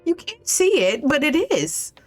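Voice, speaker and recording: A woman's voice: high voice, sing-song, a little slow, soft background music. A woman streamer giving casual, swear-heavy commentary while she plays a game, laughing often and reading the game's lines aloud. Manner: reads game dialogue aloud.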